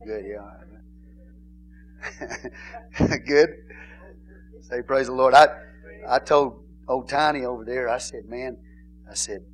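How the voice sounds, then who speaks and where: A male pastor preaching an informal sermon in a church, bantering and laughing with the congregation and rising to shouted emphasis. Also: mid-range voice, fairly even intonation, a little slow, long pauses, a little hiss or hum. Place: church sanctuary.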